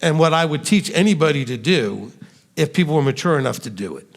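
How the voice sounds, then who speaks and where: Gravelly, animated man teaching. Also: on the high side, brisk, big-room sound. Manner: animated, acts out quoted dialogue. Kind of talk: Q&A teaching session.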